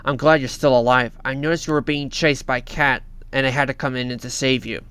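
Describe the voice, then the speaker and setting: A man voicing a brave, caring young woman survivor in a story he reads aloud, reading her lines flatly. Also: medium pitch, fairly quick, smooth, no room sound, natural voice. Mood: calm.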